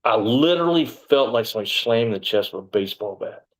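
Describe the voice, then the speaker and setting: A man's voice: mid-range voice, fast, poor audio. A middle-aged man, a former sheriff's deputy, recounting events in a casual interview, rambling and acting out the dialogue. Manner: rambling, animated retelling with quoted dialogue.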